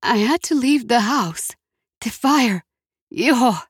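A woman voicing a frightened older mother caught in a fire, hoarse, coughing and out of breath. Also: a little high, lively intonation, takes it slowly, no room sound, clean studio sound, voice pushed up, exaggerated voice. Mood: panicked.

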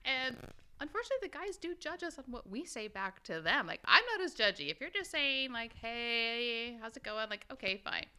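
A woman in her forties, a podcast guest in casual chat, animated and laughing often. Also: on the high side, normal speed, clear, resonant tone. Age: 40s.

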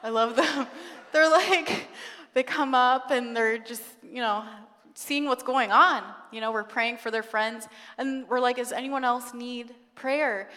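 A young woman giving a sermon testimony, telling her story with lively energy, acting out quotes and laughing often. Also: on the high side. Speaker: guest speaker. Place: church sanctuary. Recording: long church hall reverb.

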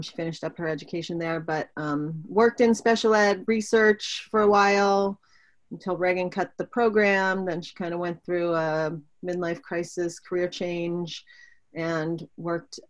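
A woman from Pittsburgh, Pennsylvania, talking casually as an interview guest, chatty with frequent ums. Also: mid-range voice.

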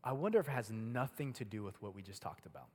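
A man's voice: fairly low pitch, animated, fast talker, husky. A young man preaching a casual, chatty sermon to a youth group, using a lot of filler words. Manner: casual, chatty, heavy use of "like". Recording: long hall reverb.

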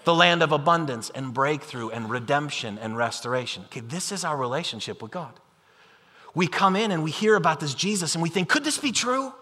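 Male preacher with a high, bright voice, lively and chatty delivery, long hall reverb. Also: fairly quick. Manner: animated, conversational, acts out imagined voices. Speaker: pastor. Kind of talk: sermon.

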